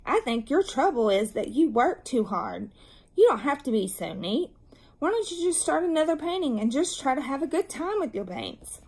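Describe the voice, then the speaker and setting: A woman voicing a kind, patient female art teacher gently coaxing children in a read-aloud storybook. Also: high-pitched, sing-song, moderate pace.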